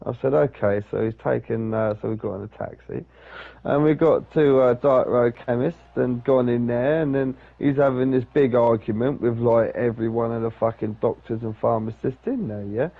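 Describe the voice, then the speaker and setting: Gravelly-voiced sweary man. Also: medium pitch, steady tone, moderate pace, narrow, tinny audio. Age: 30s. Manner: sweary, rambling, acts out other people's lines. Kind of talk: casual storytelling.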